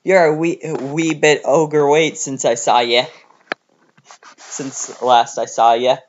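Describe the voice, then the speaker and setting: A man's voice: mid-range voice, little pitch movement, slow pace, slight background noise, close to an everyday voice. A man voicing a big, flirtatious male ogre with a teasing, leering manner. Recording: slightly dull home recording.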